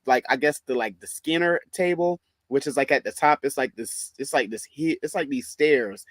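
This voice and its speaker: A man with a Southern US accent telling a story in a casual monologue, animated, sassy and full of profanity. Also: mid-range voice, dry recording. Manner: animated, profane, sassy, calls listener "bitch" and "girl".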